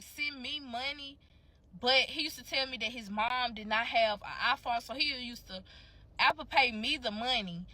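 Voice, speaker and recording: A young woman with a bright, forceful voice spins a candid, profane story for her viewers. She talks in a loose, chatty way, sitting a little high in her register.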